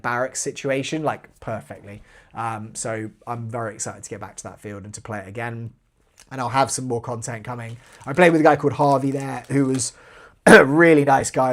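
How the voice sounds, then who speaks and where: Man, southern English accent with American touches, casual live Q&A host, chatty, rambling, average pitch. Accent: southern English with slight American inflection. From southwest London, England. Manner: chatty and rambling, trails off quietly at sentence ends. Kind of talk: casual live-stream Q&A, reading chat aloud.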